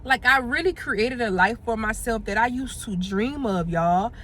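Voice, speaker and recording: A woman's voice: on the high side, expressive, normal speed, fairly bright tone, slight background noise. A woman, vlogging casually while running errands, chatty and heartfelt. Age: 20s. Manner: chatty and heartfelt, drifts into sung lines and praise. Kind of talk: casual vlog chat to camera. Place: out and about running errands, in a car and stores.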